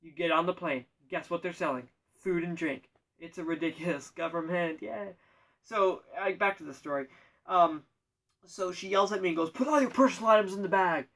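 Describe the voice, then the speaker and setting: A man telling a rambling comic story in a deadpan way, often correcting himself and adding absurd asides. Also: on the high side, moderate pace, recorded from a distance, low-quality recording.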